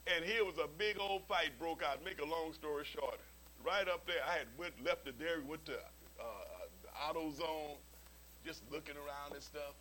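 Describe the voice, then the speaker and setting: A man's voice: a little high, normal speed, slight background noise, low-quality recording. A man preaching a sermon as pastor, telling stories with humorous asides and often repeating his words as he starts a sentence. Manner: animated storytelling with humorous asides.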